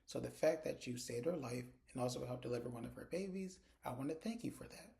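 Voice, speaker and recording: A man's voice: mid-range voice, fast, vocal fry, warm tone. Sassy bossy mom, scolding, dramatic, a guy putting her on. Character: bossy dramatic middle-aged mother.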